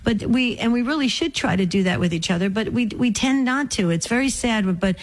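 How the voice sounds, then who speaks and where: A woman co-hosting a call-in radio show, talking in a warm, emotional, chatty way. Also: a little high, animated, a little fast. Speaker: radio co-host.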